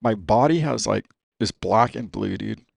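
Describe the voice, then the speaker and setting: A man's voice: lowish voice, a little slow, gravelly, a little mellow, no room sound. A man talking as a guest on a podcast, casual and profane, saying "dude" all the time. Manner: profane, says "dude" constantly. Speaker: racing driver guest. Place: podcast studio.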